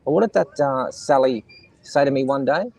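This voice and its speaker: A middle-aged Australian streamer chats and jokes rambling to his viewers from the seaside, where children and gulls can be heard. His medium, gravelly voice has a darkish tone at normal speed, captured in low quality.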